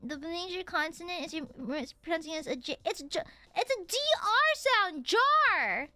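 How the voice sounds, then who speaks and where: Bright lively Southern woman streamer. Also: extremely high pitch, fairly quick, no echo, faint music behind. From American South. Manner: playful, laughing, teasing chat. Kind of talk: casual game stream chat.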